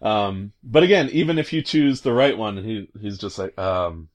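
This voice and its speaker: A man's voice: on the low side, moderate pace, hardly any pauses. Man rambling through a game recap. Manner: rambling, hesitant with many fillers, amused. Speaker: commentator recounting a video game. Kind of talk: casual retelling.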